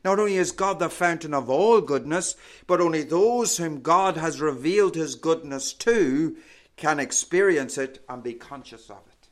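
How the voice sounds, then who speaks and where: A man preaching a sermon, slow and emphatic, letting key words sink low and soft. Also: lively intonation.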